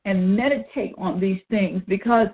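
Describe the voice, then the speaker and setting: A woman's voice: mid-range voice, moderate pace. A woman leading a Bible study, reading old-style scripture and then explaining it earnestly. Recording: tinny phone line.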